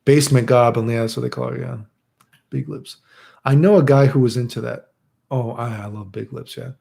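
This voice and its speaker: A man's voice: medium pitch, steady tone, a little fast, gravelly, dark tone. A young man chatting casually as a streamer answering chat, crude and rambling, swearing a lot.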